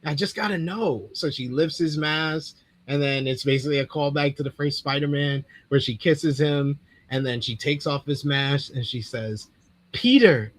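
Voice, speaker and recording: A man co-hosting a casual movie review chat, excitedly retelling scenes and acting out quotes. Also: a little high, normal speed, few pauses, no room sound. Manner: excitable storyteller, acts out quotes. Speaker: podcast co-host.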